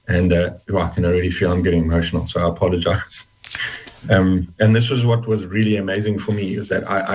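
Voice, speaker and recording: A man with a very low, husky voice gives a heartfelt personal testimony as an interview guest. He speaks in quick bursts, stumbling and repeating words as he goes. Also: poor audio.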